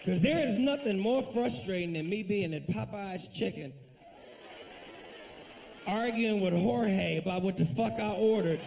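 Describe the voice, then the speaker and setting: A man's voice: high voice, a little slow, creaky, darkish tone, slight background noise. A man doing a stand-up comedy set, brash and profane as he tells his stories.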